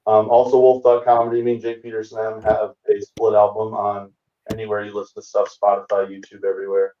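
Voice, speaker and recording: A comedian guest, a man in his forties, recounts a road anecdote in casual conversation, his fairly low voice moving fairly quickly as he acts out everyone's dialogue with easygoing timing. Sound comes through a dull video-call mic placed at a distance in an echoey room.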